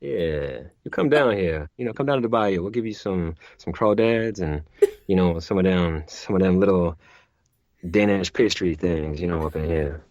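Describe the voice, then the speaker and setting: A man's voice: deep voice, normal speed, darkish tone, no room sound, highs cut off. A man voicing an easygoing, flirty bayou man with a folksy Cajun drawl.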